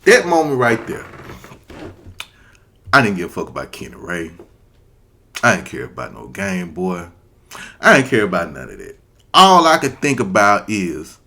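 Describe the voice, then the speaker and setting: Man, comic storyteller, low voice, lively pitch, cussing a lot. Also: moderate pace, pauses often. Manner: profane, animated, acts out characters. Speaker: comedian storyteller.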